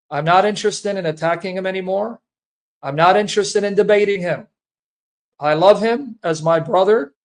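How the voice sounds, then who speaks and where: A man speaking earnestly and emotionally to his viewers, a Christian apologist who repeats himself and calls them brethren. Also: sits high. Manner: earnest, repetitive, addresses listeners as brethren.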